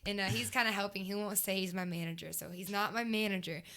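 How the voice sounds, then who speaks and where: A young woman, a country singer, chatting as a guest and telling lively stories with acted-out quotes. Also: mid-range voice, quick pace. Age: young adult. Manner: enthusiastic storyteller, acts out quotes. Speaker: guest, country music artist. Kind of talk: casual interview chat. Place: race shop.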